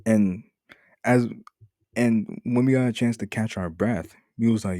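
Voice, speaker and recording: A man's voice: on the low side, a little slow, mellow, no room sound, studio quality. A young man telling a story-time vlog in a casual, profane, rambling way with many restarts. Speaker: vlogger.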